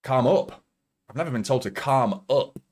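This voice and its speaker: A man hosting a live football watchalong, commentating as a fan and swearing a lot as he swings from nervous muttering to shouting. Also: medium pitch, animated, normal speed.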